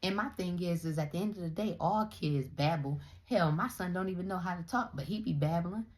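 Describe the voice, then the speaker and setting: A young woman vlogger ranting in a blunt, profane, animated way as she comments on other creators. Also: fairly low pitch, brisk. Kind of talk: casual commentary rant.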